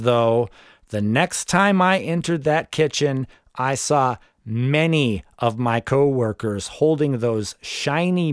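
A man's voice: medium pitch, no room sound, studio quality. A man in his forties reading his own memoir aloud in the first person, with wry, sardonic asides. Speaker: memoir narrator.

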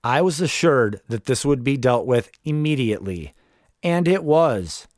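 A man's voice: mid-range voice, animated, measured pace, dry recording, studio quality. A man in his forties reading his own memoir aloud in the first person, with wry, sardonic asides. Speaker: memoir narrator.

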